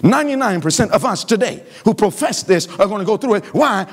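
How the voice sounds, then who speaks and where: A man preaching a revival sermon in a church. He keeps asking the congregation to finish his sentences, and he swings between loud emphasis and low pleading. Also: expressive, fairly quick. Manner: call-and-response questioning of the congregation. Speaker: pastor. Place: church sanctuary.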